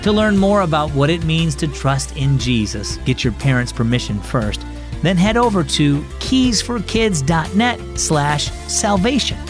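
A man's voice: on the high side, animated, measured pace, music in the background. A man hosting a children's devotional show, reading scripted narration and speaking encouragingly to young listeners. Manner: warm, encouraging, addresses kids directly.

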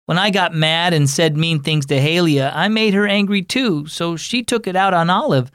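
A man voicing an upset young boy in a children's audio story who loses his temper and then feels sorry, in a high, strained boyish voice. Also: normal speed, a bit bright, no echo, studio quality, natural voice. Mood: remorseful.

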